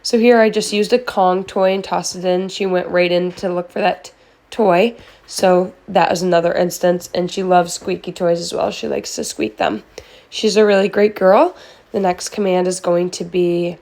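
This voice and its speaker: A woman's voice: on the low side, fairly even intonation, normal speed, a little mellow. A woman dog trainer explains her methods in a friendly, methodical voice-over. She lays out each step plainly, as if guiding a new owner. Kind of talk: instructional voice-over.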